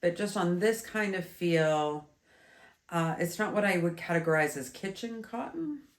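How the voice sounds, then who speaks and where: Slow, low-voiced stuffy woman. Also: lively intonation. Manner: chatty, meandering, with many fillers and restarts. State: stuffy, congested. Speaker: yarn reviewer. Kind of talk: casual video review. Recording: roomy echo.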